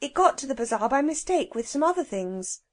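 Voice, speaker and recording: A woman reading a children's storybook, voicing an earnest, gentle girl who speaks soothingly. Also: high-pitched, big pitch swings, fairly quick, voice pushed up. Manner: soothing, pleading.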